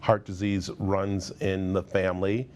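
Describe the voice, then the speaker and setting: A man's voice: deep voice, little pitch movement, a little slow, darkish tone, a little hiss or hum. A man in his fifties hosting a TV morning show, chatting in a studio interview with a friendly manner and many fillers. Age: 50s.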